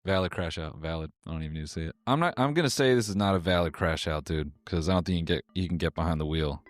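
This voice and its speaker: A man's voice: low voice, fast talker, dry recording. A man giving comedic reaction commentary, joking and laughing with casual swearing. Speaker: commentary host.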